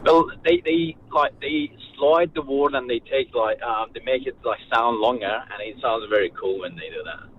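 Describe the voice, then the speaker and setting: A man calling in to a radio show, speaking haltingly with many fillers. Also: mid-range voice. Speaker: caller. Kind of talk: phone-in chat. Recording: tinny phone line with faint noise.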